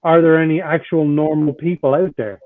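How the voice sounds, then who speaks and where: A man's voice: on the high side, fairly even intonation, brisk, a crowd in the background. A man co-hosting a comedy podcast, making wry remarks. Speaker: co-host. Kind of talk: casual comedy podcast chat. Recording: tinny phone-like call line, dry.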